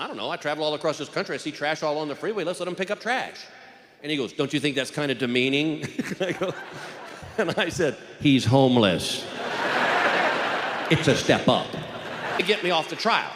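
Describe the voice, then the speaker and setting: A man's voice: a little high, fairly bright tone. A man doing stand-up, telling a story and acting out the voices of the people in it. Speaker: stand-up comedian. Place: stage in a large hall. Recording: live show in a hall, audience noise.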